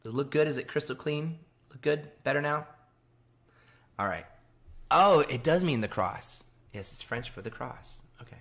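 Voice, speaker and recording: A man's voice: medium pitch, lively intonation, moderate pace, fairly bright tone. Chatty man streaming live from home. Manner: chatty and rambling, laughs often while reading out chat. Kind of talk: casual live-stream chat.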